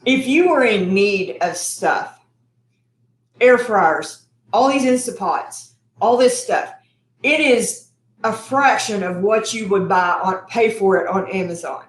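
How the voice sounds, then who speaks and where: A woman's voice: mid-range voice, slow pace. A middle-aged woman, hosting her cooking channel livestream in a rambling, chatty way, sometimes talking while eating. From Texas. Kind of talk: casual livestream chat. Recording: echoey room.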